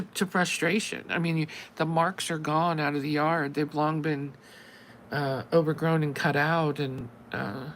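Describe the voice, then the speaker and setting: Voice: mid-range voice, gravelly, a little hiss or hum, poor audio. A channel host telling a long story in casual live-stream chat, acting out both sides of each conversation with wry exasperation.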